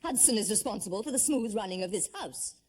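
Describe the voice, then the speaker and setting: An actress playing a firm but kindly aristocratic mistress of a household. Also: female voice, medium pitch, animated, quick pace, husky. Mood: stern. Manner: authoritative, then gently reassuring. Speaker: lady of the house. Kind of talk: period television drama.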